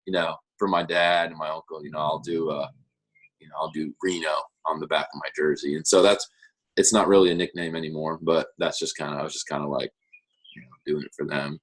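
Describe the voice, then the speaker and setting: A young man, a pro baseball pitcher, chatting as a guest in a relaxed, rambling way full of fillers. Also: a little fast, slightly rough. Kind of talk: casual interview chat.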